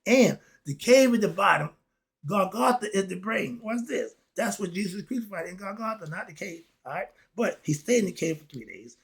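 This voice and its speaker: A man lecturing about spirituality, asking and answering his own questions, with quiet asides and loud excited bursts. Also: high-pitched, normal speed, creaky, slightly rough. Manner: preachy, talks straight at the audience, asks and answers his own questions. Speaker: host.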